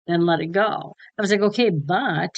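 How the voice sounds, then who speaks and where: Blunt, swearing woman co-host, low voice. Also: normal speed, gravelly, no room sound, muffled recording. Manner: frank and blunt, swears freely, retells conversations with lively quoting. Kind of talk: casual spiritual chat.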